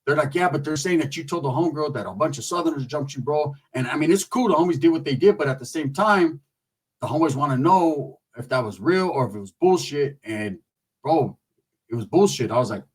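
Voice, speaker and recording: Man, husky voice, fairly high for a man, profane street slang, animated storytelling, a little off-mic. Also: brisk, recorded from a distance, poor audio. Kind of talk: casual storytelling.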